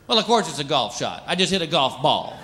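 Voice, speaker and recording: A man's voice: fairly high pitch, a little fast. A man performing a stand-up comedy routine, telling stories and acting out the people in them. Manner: animated storytelling, acts out characters, frequent laughter from crowd.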